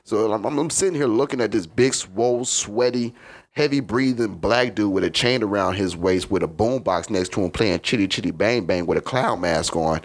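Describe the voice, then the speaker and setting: A man's voice: fairly low pitch, moderate pace. A man from Chicago, a comedian guest in a podcast studio, telling a rambling, profane story in a casual way and often asking "you know what I mean".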